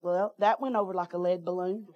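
A woman's voice: lowish voice, steady tone, brisk, dry recording, highs cut off. A woman preacher, telling a folksy testimony in her sermon and laughing often.

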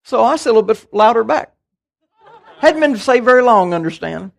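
An older man, preaching a sermon and telling stories in a folksy, animated way. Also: very high voice, brisk, creaky. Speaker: pastor.

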